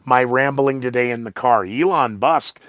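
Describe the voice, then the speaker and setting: Male podcast host, blunt rambling talker with sarcastic asides, average pitch, recorded dry with no room echo. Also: moderate pace, a bit bright. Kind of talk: rambling solo podcast monologue.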